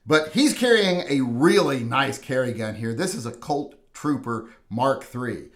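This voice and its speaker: A man's voice: mid-range voice, expressive, measured pace. A middle-aged man hosting a gun channel, giving humorous voice-over commentary on viewers' carry guns with dry, teasing sarcasm.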